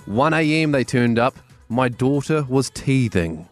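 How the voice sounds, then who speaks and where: A man's voice: medium pitch, expressive, measured pace, soft background music. A man with a New Zealand accent co-hosting a casual radio chat, friendly and agreeable. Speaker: radio co-host.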